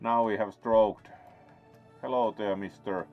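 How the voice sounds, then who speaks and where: A man's voice: on the low side, fairly even intonation, a little slow. A man giving casual let's play commentary as he plays, in a wry, playful way. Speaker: gaming host. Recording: dull lo-fi sound. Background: faint game music.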